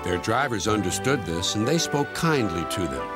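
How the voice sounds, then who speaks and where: A man telling a children's cartoon story in scripted narration, gentle and expressive. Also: on the low side, normal speed. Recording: loud music underneath.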